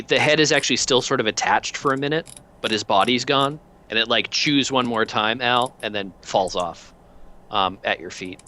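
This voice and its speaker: A man's voice: on the low side, sharp tone. A man narrating as game master of a tabletop role-playing game, loose and rambling, with many filler words.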